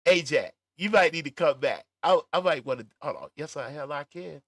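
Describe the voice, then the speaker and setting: A middle-aged man hosting a casual livestream, reading chat comments aloud with laughter and drawn-out emphasis. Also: on the high side, fairly bright tone, no room sound, clean studio sound. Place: at home, smoking a cigar.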